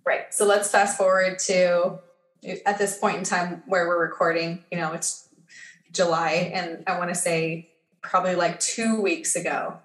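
A woman's voice: lowish voice, flat delivery, a little slow, reverberant. A woman guest telling a personal story in a casual podcast chat. She talks with lots of fillers and acts out the dialogue she quotes.

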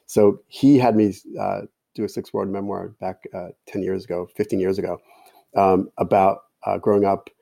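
A man's voice: low voice, flat delivery, moderate pace, creaky, warm tone, dry recording. A man telling a long personal story in casual talk, quoting others in his own voice. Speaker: podcast guest, storyteller.

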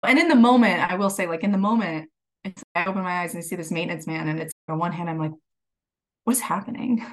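A woman guest on a podcast, telling her story in a lively, laughing way and acting out what people said. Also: fairly low pitch, fast talker. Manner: animated, laughs while telling, acts out quotes. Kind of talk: casual storytelling.

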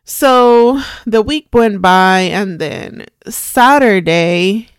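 A woman in her forties, hosting a podcast, telling a personal story in a somber, reflective and halting way. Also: medium pitch, clear, resonant tone, dry recording, clean studio sound. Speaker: podcast host.

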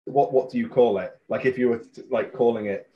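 A man's voice: mid-range voice, brisk, dull audio. Podcast guest, young man, West Country English accent, easygoing and friendly. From West Country, England. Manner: relaxed, friendly, uses fillers. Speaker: guest, hot sauce maker. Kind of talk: casual chat.

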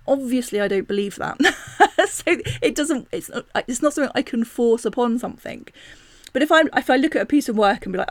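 A woman's voice: a little high, quick pace, no room sound. A woman hosting a spiritual self-help podcast, talking casually and reflectively with many asides and self-corrections. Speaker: podcast host.

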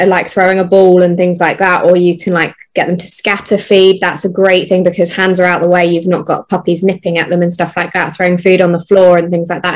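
A woman dog trainer talking casually on a panel, quick and chatty with many fillers. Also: fairly low pitch.

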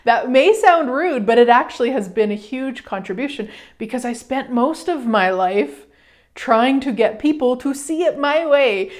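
Hosting a radio show, a woman gives a casual motivational talk with plenty of animation, acting out short quoted exchanges and swearing from time to time. Her voice is high and her speed normal.

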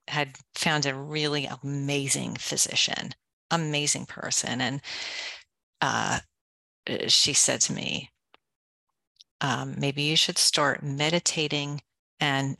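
A woman guest on an interview show, talking in a lively, practical way as she lays out simple steps. Her voice is bright, with a gravelly fry at the ends of phrases. The recording is close and dry. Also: deep voice, no echo. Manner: energetic, gives practical step-by-step guidance; self-described go-go person. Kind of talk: conversational advice in an interview.

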